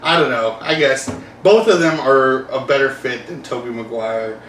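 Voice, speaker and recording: A man hosting a casual podcast chat, rambling and animated, laughing often and acting out quotes. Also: mid-range voice, moderate pace, slight background noise. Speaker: podcast host. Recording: roomy, distant mic with faint ambience.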